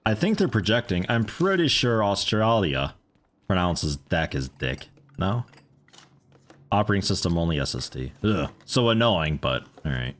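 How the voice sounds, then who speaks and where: Deep-voiced man joking through a game stream. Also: sing-song, moderate pace. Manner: rambling, joking asides to chat. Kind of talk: casual gameplay commentary.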